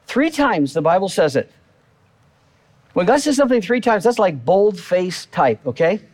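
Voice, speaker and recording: A man's voice: high voice, very animated, moderate pace, a little mellow. A male pastor preaching a sermon in a church, talking to the congregation in a conversational way and repeating key phrases.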